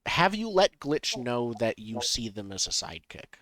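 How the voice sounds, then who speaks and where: A man's voice: mid-range voice, very animated, moderate pace, fairly bright tone, no echo, clean studio sound. A man acting as game master, running a tabletop game over a voice call and prompting players with brief questions.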